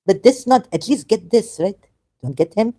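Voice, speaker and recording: An exasperated woman, a critic of religion, reads a video aloud and argues with it in casual commentary. Her fairly high voice is warm, with lively intonation and a normal speed. She's argumentative and keeps stumbling over words.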